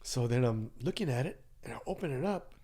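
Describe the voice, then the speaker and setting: A man's voice: fairly quick, breathy edge. A man in his sixties telling a personal story as a podcast guest in a loose, chatty way, acting out the voices of people in it. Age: 60s. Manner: animated, acts out quoted dialogue with pitch jumps; loose and conversational, many fillers and asides. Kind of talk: casual storytelling.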